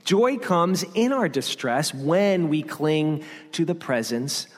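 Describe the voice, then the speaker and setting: A man preaching from the pulpit in a slightly higher-than-usual voice, driving his points home with repeated refrains and rhetorical questions. His voice rings out with a long reverb, as in a large church sanctuary. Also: expressive, slow pace. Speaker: pastor. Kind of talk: sermon.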